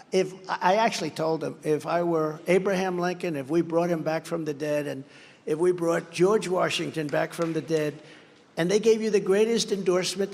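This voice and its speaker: Speaking with a fairly high pitch and noticeable vocal fry, a man delivers a boastful, meandering campaign speech at a podium mic. He is a political candidate, and he ridicules his rivals by performing their words. The large rally venue gives the audio a long reverb.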